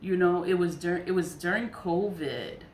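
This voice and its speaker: A woman rambles through a casual vlog story, circling back on her words and breaking into laughter. Her voice sits a bit low. The room around her is echoey with a faint hum. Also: moderate pace, a little mellow. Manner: rambling, repetitive, laughs often. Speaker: vlogger. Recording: roomy echo.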